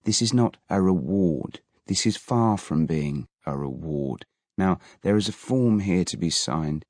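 A man's voice: sits low, lively intonation, unhurried, darkish tone, no echo, studio quality. A man voicing a tired, weary male prison governor with a disdainful manner.

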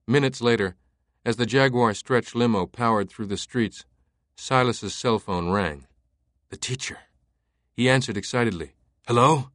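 A man narrating a thriller audiobook in a measured, even way. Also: medium pitch, no echo, clean studio sound. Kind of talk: scripted narration.

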